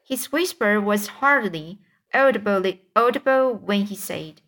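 A woman's voice: medium pitch, animated, unhurried, fairly bright tone. A woman reading a children's storybook aloud, stumbling and restarting words often. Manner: stumbling read with frequent restarts. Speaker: audiobook reader. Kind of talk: storybook narration.

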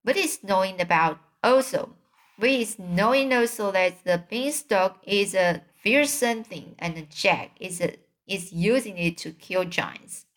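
A woman voicing a big friendly old male giant in a storybook reading, speaking softly in a hushed tone with muddled grammar. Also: medium pitch, a little slow, close to an everyday voice. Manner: soft whispering, muddled grammar. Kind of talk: storybook read-aloud.

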